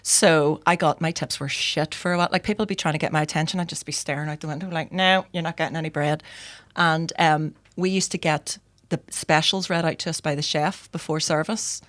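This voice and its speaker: A woman, on the low side of pitch, telling funny stories in a relaxed podcast chat. She talks close to the microphone in a dry, dead room. She keeps acting out the voices of the people in her stories. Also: brisk, few pauses, no room sound. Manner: lively storyteller, acts out quoted voices.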